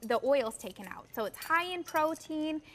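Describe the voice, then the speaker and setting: A woman with a fairly high voice walks through a cooking demonstration step by step, calm and explanatory. Her voice rings with a long studio reverb. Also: moderate pace. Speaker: cooking guest.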